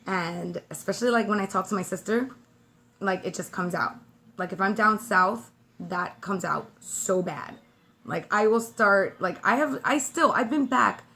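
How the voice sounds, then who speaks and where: A woman's voice: mid-range voice, unhurried, pushed and bright. Chatty Brooklyn woman doing makeup. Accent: New York with a slight Southern twang. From Brooklyn, New York. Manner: chatty, talks while applying makeup, drifts off topic. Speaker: beauty vlogger. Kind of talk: casual makeup tutorial chat. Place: home.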